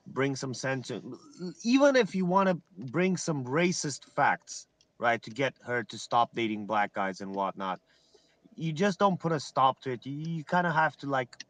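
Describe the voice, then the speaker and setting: A man's voice: mid-range voice, no room sound. A man arguing in a casual voice chat, hedging and repeating himself vaguely. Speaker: debate participant.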